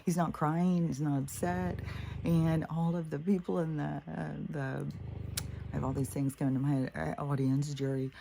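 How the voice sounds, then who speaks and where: A woman's voice: low voice, little pitch movement, normal speed, gravelly, noisy background. A woman talking in a casual, rambling monologue, laughing often and swearing freely. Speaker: spiritual vlogger.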